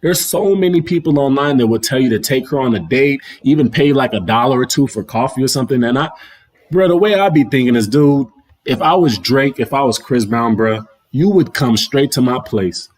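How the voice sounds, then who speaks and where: A young adult man hosting a livestream talks fairly quickly in a medium-pitched voice. His casual rant is loose and slangy, repeatedly circling the same points, and it's picked up by a livestream mic.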